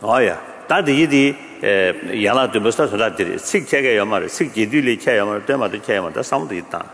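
A man gives a religious teaching, his fairly low voice swinging widely and leaping up in pitch. He is recorded in an echoing hall with a faint hiss behind him. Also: quick pace, vocal fry. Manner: expressive, with sudden rises in pitch. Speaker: Buddhist teacher. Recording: echoey hall, faint background noise.

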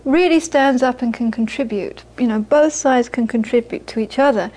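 A woman's voice: on the high side, normal speed, darkish tone. A British woman, a Buddhist teacher, giving a dharma talk to a live audience, earnest and repeating phrases for emphasis, with frequent laughter.

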